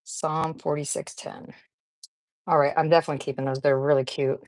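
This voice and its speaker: A woman's voice: deep voice, level tone, a little fast, a little mellow, no echo. A woman hosting a casual live craft chat, rambling and chatty as she sorts supplies, often laughing and greeting viewers by name. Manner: rambling, chatty, talks while fiddling with supplies. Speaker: craft channel host.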